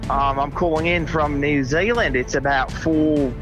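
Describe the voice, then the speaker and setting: A man's voice: fairly high pitch, fairly even intonation, a little slow, music in the background, lightly acted. A man putting on a huffy prank caller. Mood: indignant. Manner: huffy, indignant, hesitant. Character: blustering prank caller man, shifting fake accents. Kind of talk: comedic put-on call-in voice.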